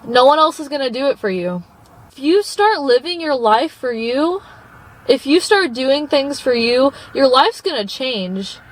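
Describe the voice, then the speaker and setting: High-voiced young woman cheering viewers on. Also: sing-song, a little slow, low-quality recording. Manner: earnest and encouraging, calls viewers babe. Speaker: vlogger. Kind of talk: casual motivational talk to camera. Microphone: phone propped up.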